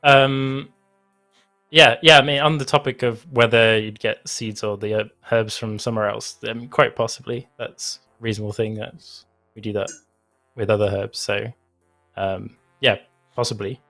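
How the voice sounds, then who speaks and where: A man co-hosting a livestream Q&A, answering briefly and calmly with some hesitation. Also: on the low side, normal speed, soft background music. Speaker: game developer co-host. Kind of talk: livestream Q&A chat.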